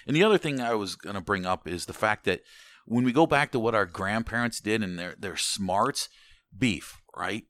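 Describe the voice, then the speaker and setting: A very deep-voiced American man talking in loose, casual conversation. He rambles, restarts his sentences often, and swears offhandedly. The sound is dry and close. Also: expressive, normal speed, a bit bright, no room sound. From United States. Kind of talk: casual chat.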